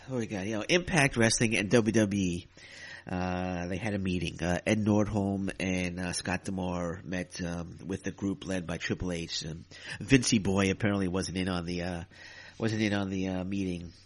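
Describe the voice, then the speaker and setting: A man hosting a solo podcast, ranting in an exasperated way and repeating himself as he talks. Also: lowish voice. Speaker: podcast host. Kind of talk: casual solo podcast commentary.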